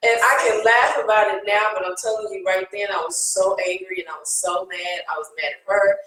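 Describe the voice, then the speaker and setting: A woman's voice: medium pitch, fairly even intonation, brisk, few pauses, fairly bright tone. A woman on a discussion panel, telling her story in an earnest, emotional way. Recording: very echoey room.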